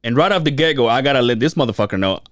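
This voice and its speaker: A man spinning a profane story in casual podcast chat, his pitch swinging up and down as he goes. He laughs often between lines. The sound is close and dry with no room echo. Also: lively intonation, very fast, a bit bright. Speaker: podcast co-host.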